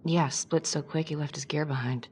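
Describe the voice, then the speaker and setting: An actress voicing a tough, defensive police detective in a game who answers curtly. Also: female voice, low voice, fairly even intonation, normal speed, a little mellow, slight background noise, lightly acted. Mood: guarded. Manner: curt, defensive.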